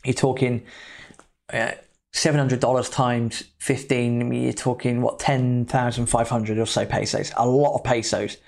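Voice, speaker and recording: A man hosting a podcast, talking in an easy, loose way. His voice sits at an ordinary middle pitch, and he tells his story like a casual chat with a friend, dropping in the odd swear word. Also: little pitch movement, measured pace, vocal fry. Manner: chatty, loose, with mild swearing. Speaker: podcast host.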